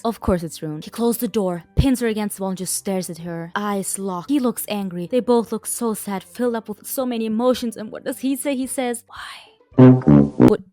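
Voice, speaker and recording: A woman's voice: on the high side, darkish tone. A woman reviewing a book in a sarcastic roast, swearing, with exasperated asides.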